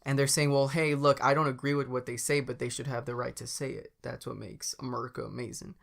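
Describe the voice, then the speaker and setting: A man's voice: medium pitch, little pitch movement, fast, vocal fry, fairly bright tone. A man co-hosting a podcast in casual chat, rambling with lots of fillers and restarts. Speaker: podcast co-host.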